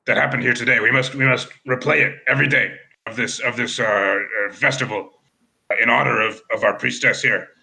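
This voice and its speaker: A man voicing a pompous male frog-folk chief in a tabletop game, halting and repeating his words. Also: medium pitch, steady tone, gravelly, bright, forceful tone, rough recording.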